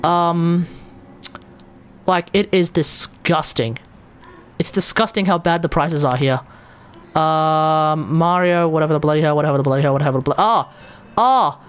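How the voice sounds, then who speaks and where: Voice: medium pitch, steady tone, normal speed, clean tone. An Australian live streamer in casual chat, rambling and exasperated, with mild swearing.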